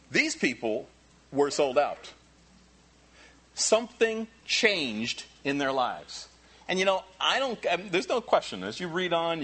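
A man preaching a sermon as pastor, animated and repeating key phrases for emphasis. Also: medium pitch, slightly rough.

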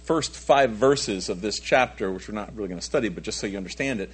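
A man preaching a conversational Bible lesson, animated, asking his listeners rhetorical questions. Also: on the low side, fast talker, slightly rough. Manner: animated, asks rhetorical questions, frequent restarts. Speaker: pastor teaching a Bible study. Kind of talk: conversational sermon.

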